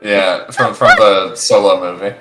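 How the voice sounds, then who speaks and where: A man's voice: sits low, fairly even intonation, unhurried. A man co-hosting a casual stream, talking in rambling, jokey stretches full of restarts. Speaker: stream co-host. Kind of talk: casual chat. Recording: echoey room with faint music.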